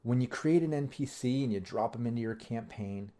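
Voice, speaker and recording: A man who runs tabletop games, giving casual advice in a rambling, relaxed way full of ums and you-knows. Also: medium pitch, brisk. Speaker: game master giving tips. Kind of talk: casual instructional talk.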